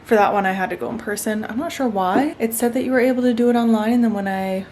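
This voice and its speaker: A woman's voice: a little high, quick pace, background noise. A young woman and new mom talking casually to the camera at home in a rambling, chatty vlog full of fillers. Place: at home indoors. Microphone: camera-mounted mic.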